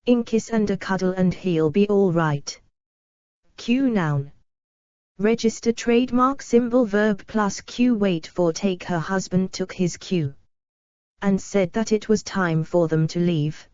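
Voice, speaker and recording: Woman reading dictionary entries, symbols and all, slow, dry close sound. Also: on the low side, no room sound, highs cut off. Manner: flat, literal reading of symbols and abbreviations.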